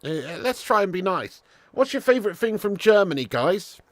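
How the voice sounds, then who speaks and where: A man's voice: high voice, very animated, moderate pace, no room sound. Chatty man hosting a football watch-along. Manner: casual and chatty, swears, calls viewers lad. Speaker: streamer and watch-along host. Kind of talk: live football watch-along commentary, reading chat.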